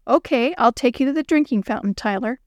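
A woman's voice: a little high, expressive, a little fast, no room sound, dull audio, natural voice. A woman voicing a flustered girl babysitting unruly children, earnest and exasperated.

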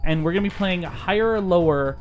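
A man hosting a casual podcast, relaxed, reading aloud and stumbling over names. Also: high-pitched, fairly quick, faint music behind. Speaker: podcast host. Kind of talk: casual chat.

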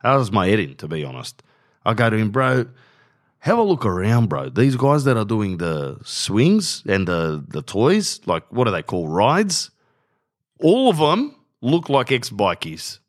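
A man's voice: on the low side, big pitch swings, unhurried. A man hosting a podcast, rambling casually in slang and saying bro a lot. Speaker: podcast host. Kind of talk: casual rambling monologue with ad read.

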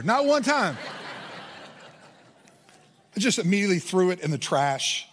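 A man's voice: sits high, big pitch swings, measured pace, long pauses, a bit bright, slightly rough. A man from Indiana preaching a sermon, telling a personal story and building to earnest emphasis. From Indiana, USA. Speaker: pastor. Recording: hall reverb.

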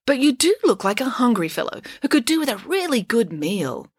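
A woman's voice: fairly high pitch, big pitch swings, brisk, husky, dry recording, clean studio sound, pitched above the performer's own voice. A woman voicing a vain, well-mannered little female pig who cheerfully boasts and talks her way out of trouble in a storybook reading. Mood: persuasive.

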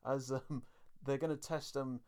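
A man's voice: mid-range voice, steady tone, measured pace, a little mellow, smooth. A British man hosting a casual podcast, chatty and rambling, laughing easily as he recaps an episode. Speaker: podcast host.

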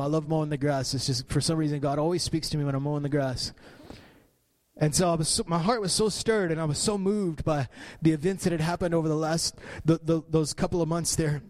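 A middle-aged man preaching a sermon as pastor, repeating phrases for emphasis and rising in pitch at his peaks. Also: a little mellow.

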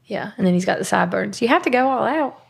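A woman's voice: mid-range voice, animated, quick pace, creaky, breathy edge. A woman hosting a podcast, rambling and upbeat in casual chat and laughing often. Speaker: podcast host.

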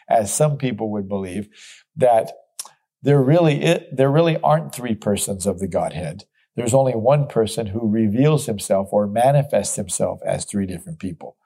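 Earnest man teaching scripture, low mellow voice. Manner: earnest, emphatic, reads scripture aloud then explains. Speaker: pastor. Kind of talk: expository Bible teaching.

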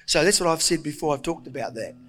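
A middle-aged man preaching a sermon, telling the story with lively acted-out voices and frequent chuckles. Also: fairly high pitch, fast talker, faint music behind. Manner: animated storytelling, acting out voices, chuckling often.

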